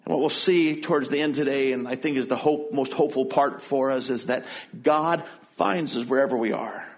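A male pastor with a mid-range voice preaches conversationally, retelling and explaining the passage. He frequently restarts and corrects himself.

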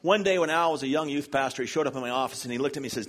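Speaking very fast with hardly any pauses, this Southern pastor from Charlotte, North Carolina, delivers a sermon built around humorous, self-deprecating personal stories. His medium-pitched voice is a bit bright.

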